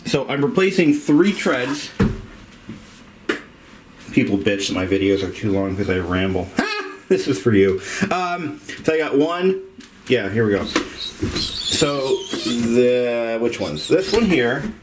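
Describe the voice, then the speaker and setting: Man, home renovation vlogger, casual rambling how-to talk, animated pitch, frank and salty. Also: slow pace, background noise. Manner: chatty, rambling, frank and a little profane. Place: house basement at home.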